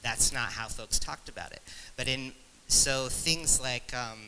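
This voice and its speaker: A man in his forties from Nebraska, speaking as a panelist at a conference in a reflective, halting way with many fillers. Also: medium pitch, background noise. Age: 40s.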